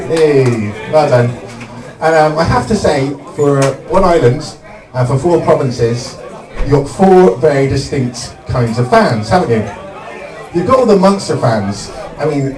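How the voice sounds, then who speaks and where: A young man from Somerset, doing a stand-up comedy set with deadpan one-liners and frequent "um" pauses. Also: fairly high pitch. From Somerset, England. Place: comedy club stage. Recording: echoey club, distant mic, loud crowd.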